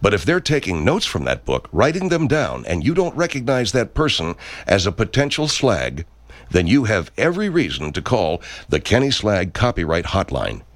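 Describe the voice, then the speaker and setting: A man performing an improvised comedy sketch as a pompous self-help spokesman, deadpan with sudden outbursts. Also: lowish voice, normal speed, no room sound.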